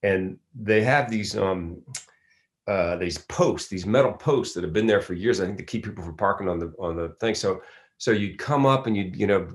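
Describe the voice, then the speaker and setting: He's a middle-aged actor from Philadelphia with a low voice and ordinary pace. As a guest in a casual interview, he meanders through his stories with frequent restarts.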